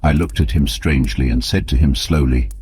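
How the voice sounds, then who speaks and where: A man reading an audiobook as narrator in steady, measured scripted narration, on a close mic. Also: rumbling low, breathy edge.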